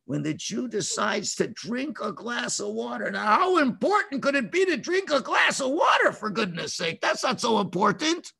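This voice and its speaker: A man teaching a lesson to children, animated and emphatic, often asking them questions. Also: very high-pitched, moderate pace, vocal fry, few pauses, breathy edge.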